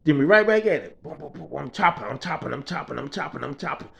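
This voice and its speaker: A man's voice: fairly high pitch, expressive, fast talker, creaky. A man from the Bahamas telling a story from his own life in casual, profane slang, acting out what others said and repeating phrases for rhythm. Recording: slightly dull lo-fi recording.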